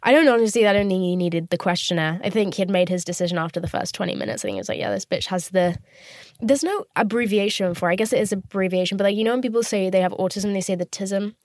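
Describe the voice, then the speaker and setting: A fast-talking woman in her twenties with a mid-range voice hosts her podcast from a parked car, the audio studio quality without echo. Her monologue is a frank, chatty, profanity-laced story in which she voices the people she quotes.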